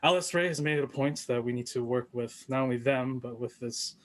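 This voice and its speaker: A man's voice: medium pitch, a little fast, natural voice. A man voicing a blunt, hostile male drow elf fighter in a tabletop game. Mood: grim. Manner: blunt, curt.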